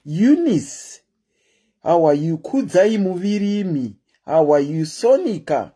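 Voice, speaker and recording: A woman's voice: lowish voice, very animated, slow pace, mellow, husky. A Zimbabwean woman hosting a casual live stream, chatting and greeting her viewers one by one.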